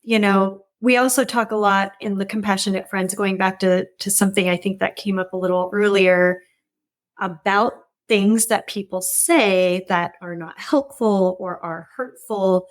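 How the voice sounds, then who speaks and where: A woman's voice: medium pitch, steady tone, a little slow. Earnest woman talking about grief. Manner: earnest, repeats herself as she searches for words. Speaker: podcast guest. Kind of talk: candid conversation about grief.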